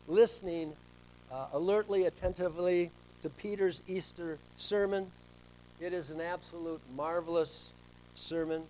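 Middle aged pastor guy preaching, kinda high voice, storyteller, goes soft then loud. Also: slight background noise, low-quality recording. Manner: storytelling, swings between soft asides and loud emphasis. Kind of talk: sermon.

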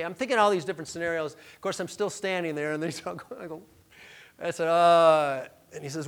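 A man preaching a sermon, telling a personal story in a conversational, joking way, dropping to soft murmurs and rising to loud emphatic lines. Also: fairly high pitch, expressive, brisk. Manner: conversational, self-deprecating, jokey asides. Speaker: pastor.

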